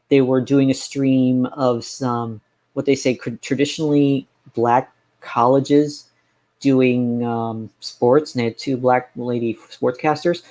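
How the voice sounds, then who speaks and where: A man's voice: mid-range voice, darkish tone. A man chatting casually on a live stream, ranting sarcastically and rambling with frequent restarts. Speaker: game streamer.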